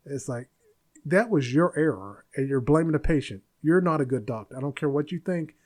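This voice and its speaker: A man's voice: on the high side, expressive, brisk, darkish tone. A man in his forties hosting a podcast, venting bluntly in a casual monologue. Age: 40s. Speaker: podcast host.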